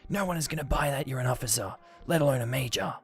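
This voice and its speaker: A man voicing a knowing older man who quietly teases a young customer. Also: on the high side, very animated, a little slow, vocal fry, soft background music, voice pushed up, heavily acted. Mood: teasing. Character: knowing older man murmuring a teasing tip.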